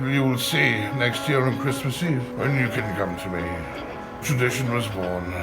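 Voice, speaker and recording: A man's voice: mid-range voice, creaky, low-quality recording. A man in a comedy sketch, talking in a pompous, old-fashioned, condescending way.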